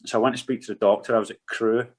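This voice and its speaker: Frank, lower-voiced man telling his story. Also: fairly even intonation, rapid-fire, darkish tone, husky, rough recording. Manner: frank, swears freely. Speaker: podcast guest, former footballer. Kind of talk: candid conversational storytelling.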